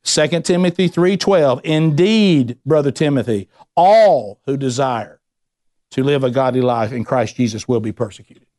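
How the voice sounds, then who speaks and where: A man's voice: medium pitch, moderate pace, a little mellow. A man preaching a sermon as a pastor, emphatic and conversational, asking the congregation questions.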